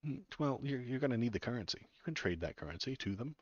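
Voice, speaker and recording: A man's voice: medium pitch, lively intonation, quick pace, no room sound, muffled recording. A man hosting a casual political livestream, ranting with sarcastic, mocking disgust and chatting to his viewers.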